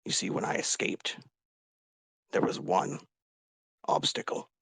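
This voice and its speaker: A man voicing a grief-stricken dragonborn warrior, confessing in a raw, halting way with whispered breaks. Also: a bit bright, no room sound, lightly acted. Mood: grieving. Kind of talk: tabletop role-play character speech.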